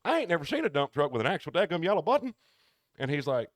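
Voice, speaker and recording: A man co-hosting a podcast, telling work stories in a casual, animated way and acting out the people he quotes. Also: mid-range voice, rapid-fire, dry recording. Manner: animated storyteller who acts out quoted people. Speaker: podcast co-host. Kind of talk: casual storytelling chat.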